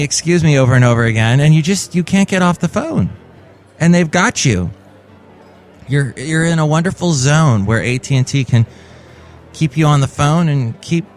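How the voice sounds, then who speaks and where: A man's voice: fairly high pitch, lively intonation, normal speed, faint music behind. A man hosting his own comedy podcast, rambling and jokey in a chatty monologue. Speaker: podcast host.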